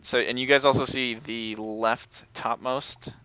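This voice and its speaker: Bright-voiced young man running a tabletop game. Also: medium pitch, measured pace, smooth, no room sound. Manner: laughs often, relaxed and chatty. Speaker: game master. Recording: dull lo-fi recording.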